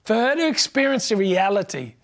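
A man's voice: high-pitched, very animated, fairly quick. A man preaching a sermon, conversational and humorous as he tells a personal story. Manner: conversational and humorous, frequent restarts.

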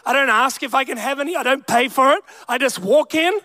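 High-voiced young preacher, dry sound. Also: male voice, fairly quick, pushed and bright, no room sound. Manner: emphatic preaching with crowd call-outs. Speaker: pastor. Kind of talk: sermon.

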